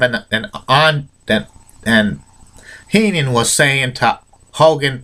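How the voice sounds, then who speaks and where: A man casually retelling an old rivalry for a video, halting often and restarting his words. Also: medium pitch, lively intonation, pushed and bright. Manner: halting, with many restarts and fillers. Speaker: wrestling history video host.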